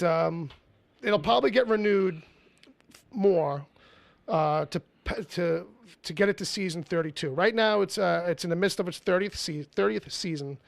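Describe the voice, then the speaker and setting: A man's voice: sits high, gravelly, dry recording. A man hosting a podcast, joking and swearing in casual chat before reading out the news. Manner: profane, joking, reads out news. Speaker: podcast host.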